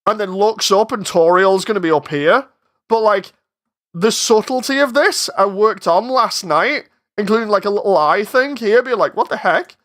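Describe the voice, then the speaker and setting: A man's voice: sits high, moderate pace, fairly bright tone. A man chatting casually on a live stream while working on his animation, rambling, interrupting himself and getting exasperated.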